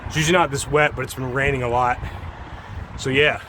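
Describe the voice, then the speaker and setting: A man's voice: medium pitch, fairly quick. Breathless man narrating a tower climb. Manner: chatty, excited narration. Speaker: vlogger. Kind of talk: casual narration while climbing. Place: top of a tall outdoor tower. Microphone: handheld phone camera. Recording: outdoor phone recording with noise.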